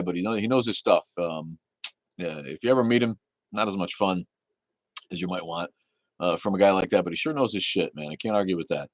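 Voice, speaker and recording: Laid-back deep-voiced man hosting a stream. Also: no room sound. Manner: laid-back, swears casually, laughs often. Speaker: livestream host reading chat. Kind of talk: casual livestream chat.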